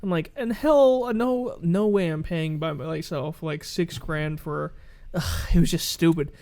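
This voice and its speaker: A man's voice: fairly high pitch, a little slow. A man co-hosting a podcast, telling a story in casual chat, acting out what people said and swearing freely. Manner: animated, acts out quoted dialogue, swears freely. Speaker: podcast co-host.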